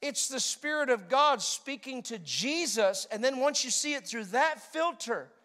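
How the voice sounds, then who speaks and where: A man preaching a sermon in an animated, joking way, acting out voices with sudden loud outbursts. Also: very high-pitched, measured pace. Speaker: pastor.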